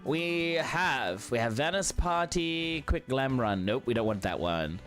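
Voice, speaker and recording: A man's voice: medium pitch, big pitch swings, normal speed, faint music behind. A man streaming a game live, chatting casually in a friendly, encouraging way with lots of ums and restarts. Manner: friendly, encouraging, rambling with many fillers. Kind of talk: casual live-stream chat while playing.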